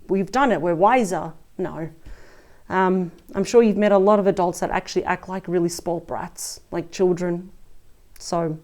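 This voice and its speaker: A woman's voice: mid-range voice, warm tone. A woman giving a casual tarot reading, chatty and full of exclamations, speaking straight to her listener. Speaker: tarot reader.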